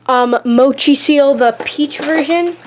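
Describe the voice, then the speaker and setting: A woman's voice: high voice, slow, background noise. A woman vlogging a casual show-and-tell, chatty and gushing, with lots of "like" and "really, really". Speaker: YouTube vlogger showing her collection. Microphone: handheld camera, shaking at times.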